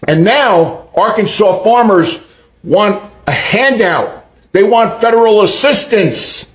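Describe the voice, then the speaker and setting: High-pitched guy mocking folks slowly, swears. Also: reverberant. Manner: mocking, drawn-out, profane. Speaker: commentator. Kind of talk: mocking political commentary.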